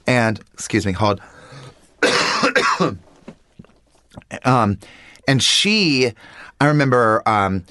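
A man chatting casually and telling animated stories, acting out the people he quotes. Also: medium pitch, drawn-out words, pauses often. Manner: animated storyteller, quoting others. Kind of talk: casual storytelling chat.

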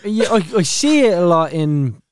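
A man's voice: sits high, sing-song, moderate pace. Easygoing male podcast host. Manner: easygoing, swears casually. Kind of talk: casual interview chat.

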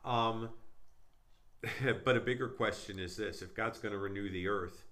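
Low-voiced emphatic man, animated delivery. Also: a little slow. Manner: animated, emphatic, swings between loud punchlines and quiet asides. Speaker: Jewish missionary. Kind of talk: casual discussion.

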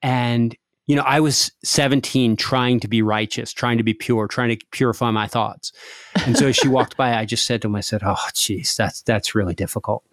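A man's voice: medium pitch, steady tone, normal speed, dry recording, clean studio sound. A man hosting a casual podcast, telling a wry, self-mocking story. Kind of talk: casual chat.

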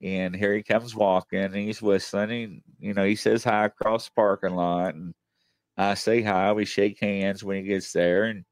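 A man with a lowish voice, recorded close and dry with no room sound. He hosts casually, rambling through an anecdote with plenty of fillers. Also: level tone, normal speed, no echo. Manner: chatty and anecdotal, with many fillers. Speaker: host. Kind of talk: casual storytelling.

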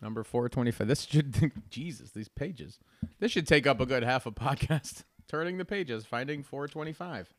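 Easygoing, laughing podcast host. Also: male voice, mid-range voice, animated, normal speed, dry recording. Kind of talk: casual chat.

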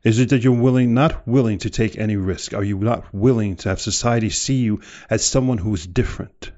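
Male podcast host, motivational talk, low warm voice, rhetorical questions, muffled lo-fi recording. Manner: rhetorical questions, drawn-out emphasis. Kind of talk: motivational monologue.

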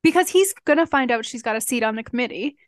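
A woman's voice: fairly high pitch, animated, fast, dry recording. A woman chatting casually about a book, reacting and adding her own takes. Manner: chatty, reacts with laughs and comments. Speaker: book discussion co-host. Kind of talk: casual chat.

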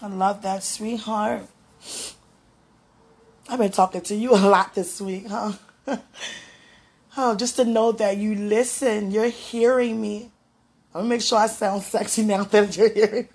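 A woman giving a fervent, emotional prayer and encouragement talk in a gravelly, sometimes hoarse voice, recorded at home. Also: mid-range voice, steady tone, measured pace, pauses often, darkish tone. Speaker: spiritual vlogger.

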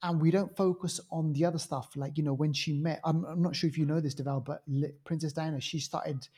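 A man's voice: a little high, fairly even intonation, fairly quick, dark tone, breathy edge. A man co-hosting a film review podcast, talking casually and enthusiastically with many fillers. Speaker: podcast co-host reviewing films. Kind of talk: casual chat.

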